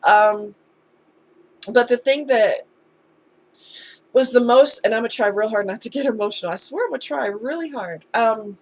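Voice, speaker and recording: A woman's voice: fairly high pitch, moderate pace, long pauses. Candid woman telling a heartfelt story. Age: adult. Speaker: vlogger. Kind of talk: casual storytime chat.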